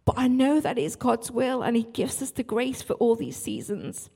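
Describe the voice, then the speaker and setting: A woman's voice: a little high, lively intonation, moderate pace, vocal fry, dark tone, slightly rough. A woman worship leader, giving an earnest church talk with frequent asides and restarts. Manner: earnest, self-interrupting, apologetic asides.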